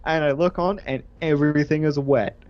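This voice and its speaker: Animated young man telling a story. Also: fairly high pitch, moderate pace, highs cut off. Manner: animated storytelling, swears freely. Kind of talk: casual chat on a gaming stream.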